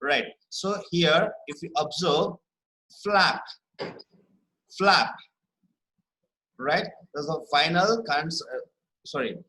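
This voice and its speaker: A man leads a spelling lesson, repeating words slowly and asking "right?" after each point. His voice sits a little high and sounds bright and forceful. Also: rough recording. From India. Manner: explains patiently, checks understanding with "right?" and "correct?". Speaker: spelling teacher.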